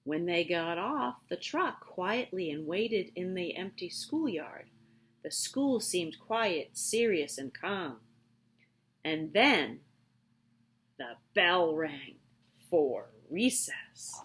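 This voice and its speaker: A woman teacher reading a picture book aloud to her students, with expressive, drawn-out storytelling. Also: fairly low pitch, a little hiss or hum.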